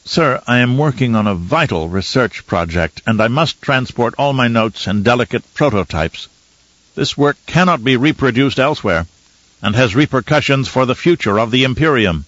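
A man's voice: mid-range voice, expressive, normal speed, fairly bright tone, no room sound, lo-fi sound, voice pushed up. A man reading an audiobook, voicing an intense male inventor who argues urgently. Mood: insistent. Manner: urgent, insistent.

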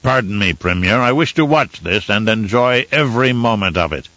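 A man's voice: on the low side, lively intonation, normal speed, bright, forceful tone, dry recording. A man voicing a cruel, scheming older male baron with a sneering, mocking manner, in a dull, dry recording.

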